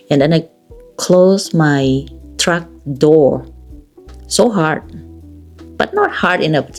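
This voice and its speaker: Low, slow Thai-accented woman storyteller. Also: a little mellow. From Thailand. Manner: halting, repetitive non-native English. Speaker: vlogger. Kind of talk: personal storytelling.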